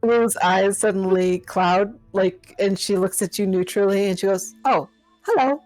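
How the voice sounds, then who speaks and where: A woman's voice: medium pitch, level tone, unhurried, darkish tone, no echo, faint music behind, poor audio. A woman describing her character in a tabletop game in chatty, descriptive narration.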